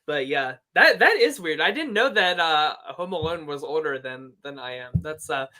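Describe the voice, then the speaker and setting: A man in his thirties with a bright, forward voice talks casually on a podcast. He rambles easily through his stories and laughs at himself along the way. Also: a little high, lively intonation, moderate pace. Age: 30s. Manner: easygoing, rambling storyteller who laughs at himself. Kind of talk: casual chat.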